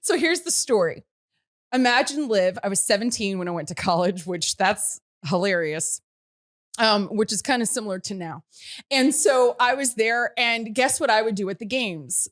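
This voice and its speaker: A woman hosting a studio podcast, telling a story with laughter and loud shouted quotes. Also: medium pitch, lively intonation, moderate pace. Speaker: show host. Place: radio studio.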